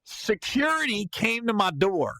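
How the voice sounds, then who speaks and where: A man hosting a podcast, telling a comedic story in a lively way and breaking into loud yelled reenactments. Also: a little high, a little fast, no room sound. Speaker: podcast host.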